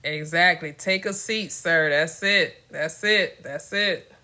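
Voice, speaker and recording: Bright-voiced woman, slow and chatty. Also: fairly low pitch. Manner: chatty, laughs often between points; emphatic and direct. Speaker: motivational channel host. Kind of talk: casual faith-based motivational talk.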